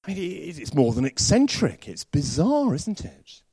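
Male preacher, sounding, animated pitch, dry close sound, storytelling sermon. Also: unhurried, gravelly, husky, dry recording. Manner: storytelling with varied, lively delivery.

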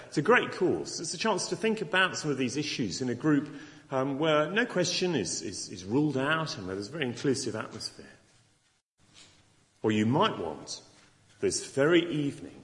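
A middle-aged male preacher delivers a Christmas sermon in an earnest, conversational way, acting out the doubts of his listeners. His pitch rises and falls in a lively way. The voice rings with the long reverb of a large hall. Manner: earnest, conversational, acts out imagined objections.

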